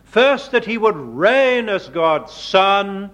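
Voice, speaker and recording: Guy preaching slow and careful, highish voice, kinda dull lo-fi recording. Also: animated, fairly bright tone. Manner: slow, deliberate preaching with dramatic emphasis on quoted words. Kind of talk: sermon.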